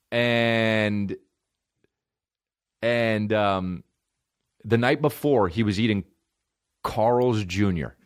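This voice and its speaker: A man hosting a podcast, telling comedic stories in a profane, animated way and acting out the people he quotes. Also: medium pitch, slow pace, long pauses. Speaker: podcast host. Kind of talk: comedic storytelling.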